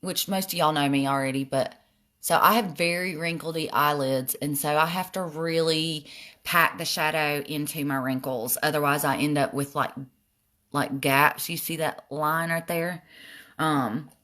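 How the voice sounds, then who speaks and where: A woman's voice: sits low, steady tone, a little slow, fairly bright tone. Chatty Southern woman doing her makeup. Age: older. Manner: chatty, self-deprecating, reads comments aloud. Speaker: makeup live streamer. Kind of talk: casual makeup tutorial live stream.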